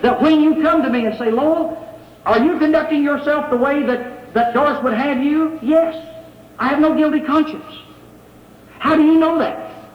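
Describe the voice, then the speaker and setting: A man preaches to his congregation in a conversational way, firing rhetorical questions at them. His voice sits very high for a man. The recording is dull and lo-fi, with a roomy church-hall echo. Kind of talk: sermon. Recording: echoey hall, dull lo-fi sound.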